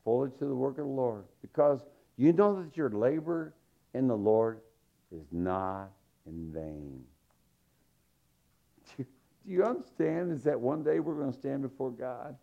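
A middle-aged man preaching a sermon, telling stories and acting out quotes with lively swings. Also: measured pace, gravelly. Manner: animated storytelling with acted-out quotes and big pitch swings. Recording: dull lo-fi sound.

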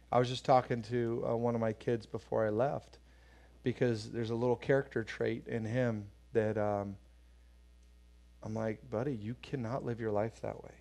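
A male pastor delivers a sermon like a relaxed chat, weaving in personal stories and putting on voices for quoted lines. He talks at a middle pitch and keeps turning to the congregation with questions. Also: gravelly. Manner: animated storytelling, acting out voices in quotes; conversational, asks the congregation questions.

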